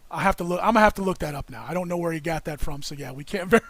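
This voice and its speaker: A man's voice: fairly high pitch, very fast, a bit bright, dry recording. Rambling, laughing man on a livestream. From United States. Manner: rambling, laughs often, reads viewer comments aloud. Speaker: livestream co-host. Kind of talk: casual livestream chat.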